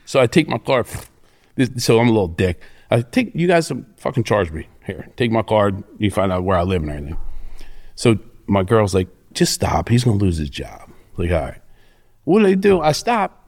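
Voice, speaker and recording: A middle-aged man telling stories in a fairly low voice that swings up and down a lot. He swears freely and brags. His delivery is loose and conversational. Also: fairly quick. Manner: profane, cocky, animated storyteller. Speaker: interview guest. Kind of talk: casual storytelling.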